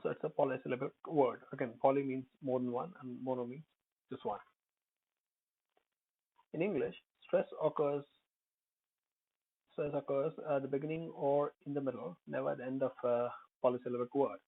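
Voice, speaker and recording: A man's voice: medium pitch, fairly even intonation, normal speed, creaky, pauses often, slightly rough. A man teaching English pronunciation in an unscripted lesson, hesitant, with many fillers and self-corrections. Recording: tinny phone-like audio.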